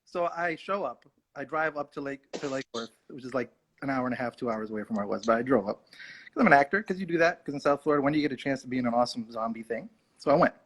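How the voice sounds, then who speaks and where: A man's voice: medium pitch, fast talker, breathy edge. A male actor telling a rambling, self-mocking story in a casual livestream chat. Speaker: actor guest.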